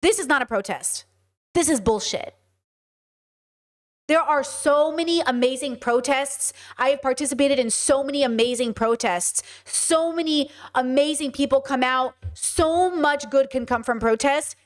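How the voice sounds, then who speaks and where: A woman's voice: high-pitched, a little slow. Blunt, profane woman streamer. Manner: blunt, profane, repeats herself for emphasis. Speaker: host. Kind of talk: live-stream commentary.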